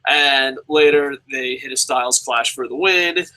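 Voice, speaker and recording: A man reviewing a wrestling show in a casual, profane rant, his pitch leaping up whenever he gets exasperated. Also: moderate pace, poor audio. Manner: profane, animated, swears constantly; jumps sharply in pitch when exasperated.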